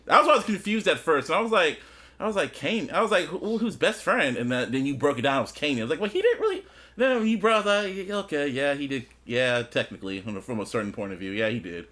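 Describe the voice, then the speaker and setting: A lively man co-hosting a casual podcast, his voice sitting high and leaping all over as he retells a TV scene. He slips into quick impressions of the characters. The tone is bright and edgy. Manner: animated, acts out scenes in quoted voices. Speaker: podcast co-host. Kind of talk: casual chat, recapping a TV episode.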